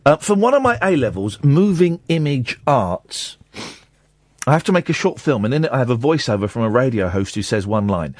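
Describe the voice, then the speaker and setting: A man's voice: mid-range voice, sing-song, fairly quick, no echo, clean studio sound. A man hosting a late-night radio phone-in, talking casually and jokily, with mock-sincere readings. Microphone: studio microphone.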